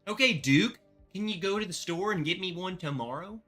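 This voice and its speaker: Excitable man hosting a bourbon livestream. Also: sits high, fairly quick, soft background music. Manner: excitable, rambling, thanks viewers by name. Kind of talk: casual livestream chat.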